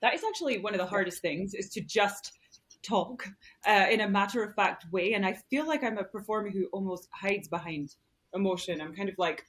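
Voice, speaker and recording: A woman's voice: medium pitch, brisk, a bit bright. A woman speaking as an actor in an interview, reflective and articulate about her craft. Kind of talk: casual interview talk.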